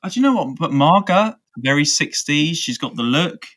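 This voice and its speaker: A man's voice: fairly high pitch, lively intonation, normal speed, fairly bright tone. A man hosting a podcast in casual chat, hesitant and thinking aloud as he talks. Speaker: podcast host.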